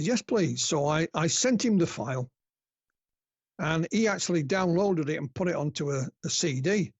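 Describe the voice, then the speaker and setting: Husky northern English storyteller. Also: male voice, on the high side, a little mellow, dry recording, lo-fi sound. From north of England. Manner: chatty storyteller, laughs at own anecdotes. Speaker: guest researcher. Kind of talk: casual podcast interview.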